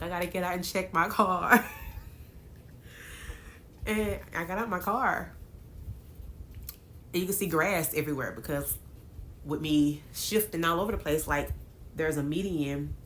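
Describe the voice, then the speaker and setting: A woman's voice: low-pitched, a little hiss or hum. A woman vlogger, casually telling her viewers a dramatic story, with lots of laughs. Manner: animated, dramatic retelling with laughs.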